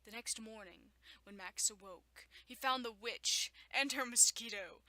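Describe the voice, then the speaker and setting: A woman's voice: on the high side, measured pace, hardly any pauses, sharp tone. A young woman at home reading a children's story aloud, often stopping to joke, laugh and make sarcastic asides. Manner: frequent laughter and stumbles. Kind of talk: reading aloud with running commentary.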